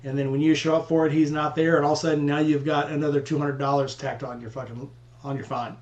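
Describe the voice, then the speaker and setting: Casual male co-host, a bit high-voiced, profane anecdotes, echoey room. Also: little pitch movement, fast talker, a little mellow, highs cut off. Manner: profane, laid-back anecdotes. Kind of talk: casual storytelling among friends.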